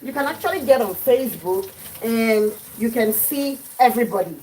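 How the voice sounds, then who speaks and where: A woman with a Nigerian accent, chatting as a livestream host in her home kitchen, telling a story with lively acted-out quotes. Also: fairly high pitch, moderate pace, slight background noise, rough recording. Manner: lively, acts out quotes, mixes in pidgin.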